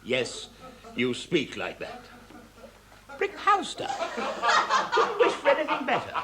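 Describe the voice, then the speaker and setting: Brusque theatre manager. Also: male voice, fairly high pitch, very animated, moderate pace, heavy background noise. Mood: amused. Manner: commanding, brusque, mocking laughs. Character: bossy theatre manager, middle-aged man, impatient. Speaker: theatre manager running a rehearsal.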